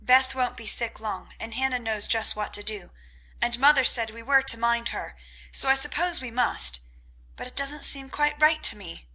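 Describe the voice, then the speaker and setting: A woman's voice: fairly high pitch, normal speed, bright, forceful tone, low-quality recording. A woman voicing a worried, proper eldest teenage sister in a storybook reading.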